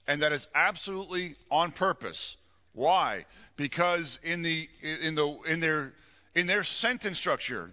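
Emphatic preacher in a reverberant hall. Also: male voice, on the high side, pushed and bright. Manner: emphatic, repeats key phrases, frequent restarts. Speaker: pastor. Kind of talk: sermon. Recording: long reverb of a large hall.

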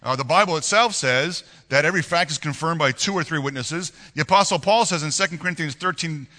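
Speaking as a pastor, this man reads scripture to his congregation and explains it with spirited rhetorical questions. He talks quickly in a slightly high voice, and the recording has a big-room sound.

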